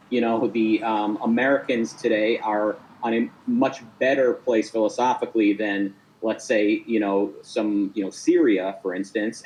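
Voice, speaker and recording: A man's voice: mid-range voice, darkish tone, rough recording. Hesitant stammering man debating. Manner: hesitant, stammering, many restarts. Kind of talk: casual debate call.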